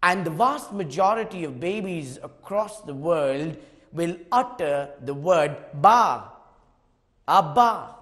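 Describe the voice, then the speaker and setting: High-voiced man preaching a morning reflection. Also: animated, takes it slowly. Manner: storytelling, swings from hushed to fervent. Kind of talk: sermon. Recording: long hall reverb.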